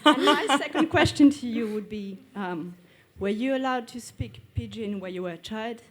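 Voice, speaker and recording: A woman's voice: on the high side, moderate pace, a bit bright. A woman in the audience at a live talk, asking a guest questions politely and hesitantly, with many fillers. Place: live event, audience microphone.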